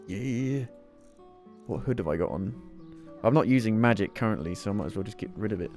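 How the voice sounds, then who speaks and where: A man's voice: fairly low pitch, normal speed, long pauses, a little mellow, faint music behind. A man streaming a game, casually commenting, thinking aloud and swearing now and then.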